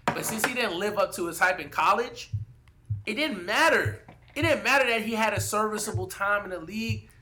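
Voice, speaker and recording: A man talking casually in a sports debate podcast, animated and profane, hedging with fillers as he argues his picks. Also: high voice, brisk, noisy background. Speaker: podcast co-host.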